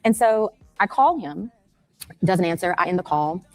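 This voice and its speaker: A mother telling her story in an interview, retelling events rapidly and anxiously and acting out phone calls. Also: fairly low pitch, animated, soft background music.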